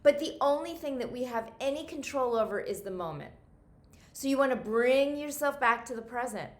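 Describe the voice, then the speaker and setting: A woman guiding a self-help talk as a coach, gentle and encouraging, often repeating phrases for emphasis. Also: high voice, animated, moderate pace. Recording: echoey room.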